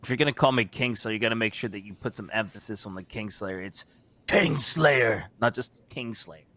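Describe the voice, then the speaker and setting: A man doing a prickly gruff warrior. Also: fairly low pitch, bright, forceful tone, pitched below the performer's own voice. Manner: curt, irritable, drawn-out emphasis. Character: touchy male warrior hero, gruff and prickly.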